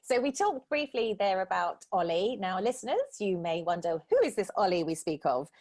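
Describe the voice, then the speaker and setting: A woman's voice: medium pitch, lively intonation, moderate pace, a little mellow, no room sound. Female interview host, chatty and easygoing, dry close-miked sound. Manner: chatty, laughs along with the guest. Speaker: podcast host. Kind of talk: casual interview.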